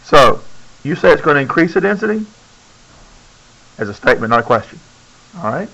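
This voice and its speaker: Male teacher, slightly high-pitched, classroom lecture, chatty and coaxing. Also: sing-song, a little fast, vocal fry, sharp tone, lo-fi sound. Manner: checks in often, coaxing students to answer. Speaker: science teacher.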